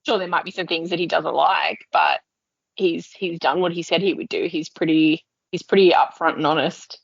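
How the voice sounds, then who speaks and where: Podcast lady, low-ish raspy gravelly voice, thoughtful chat, muffled audio. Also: fairly even intonation, moderate pace. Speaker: podcast co-host. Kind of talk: casual chat.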